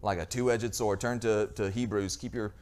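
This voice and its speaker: A man's voice: on the low side, steady tone, normal speed, darkish tone. A man preaching a sermon as pastor, earnest, with frequent restarts and rhetorical questions to the congregation.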